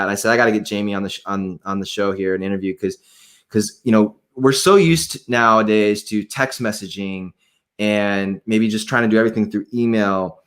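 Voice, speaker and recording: A man hosting an interview show, talking in an excited, enthusiastic way. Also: lowish voice. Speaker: podcast host.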